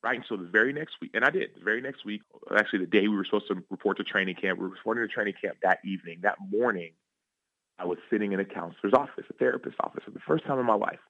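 A man, a former football player turned author, telling personal stories in a radio interview in an earnest, animated way that keeps checking in with "right?". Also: lowish voice, rapid-fire, no room sound, highs cut off. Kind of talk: interview storytelling. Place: radio studio.

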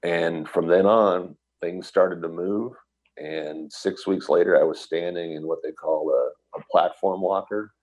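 A middle-aged Midwestern American man, a guest in an interview, tells a personal story in an extremely low, breathy, husky voice. He speaks a little slowly and earnestly, restarting sentences and animatedly acting out what other people said.

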